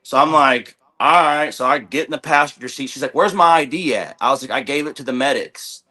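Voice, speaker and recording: A young man recounts a chaotic day as a podcast guest, his voice bright and forward. He rambles, swears freely and acts out what everyone said. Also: mid-range voice, brisk. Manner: rambling, profane, retells with quoted dialogue. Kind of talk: casual storytelling in a podcast chat.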